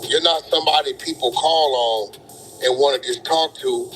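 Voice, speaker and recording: A man's voice: medium pitch, normal speed, a bit bright, slight background noise, rough recording. A man in a casual talk, speaking in a blunt, dismissive, lecturing way.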